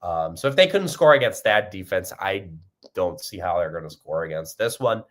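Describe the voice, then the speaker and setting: Low-voiced young man talking football. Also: lively intonation, moderate pace. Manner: rambling, upbeat, many fillers and restarts. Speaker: fan podcast host. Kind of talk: casual fan commentary.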